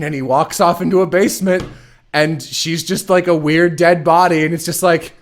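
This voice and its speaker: A man hosting a stream chats casually, his fairly high, steady voice moving at a moderate pace. He goes over a storyline in a meandering, sarcastic way, with the occasional curse.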